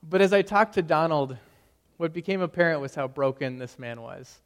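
A man's voice: fairly high pitch, moderate pace, in a large hall. A young man preaching a sermon in a conversational storytelling manner, often checking in with "right?". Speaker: pastor.

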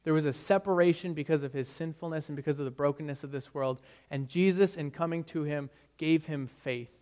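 A man preaching a sermon in an earnest manner, rising for emphasis and dropping low on key phrases. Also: a little fast, darkish tone, big-room sound. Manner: earnest, rising and falling emphasis, occasional stumbles. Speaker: pastor.

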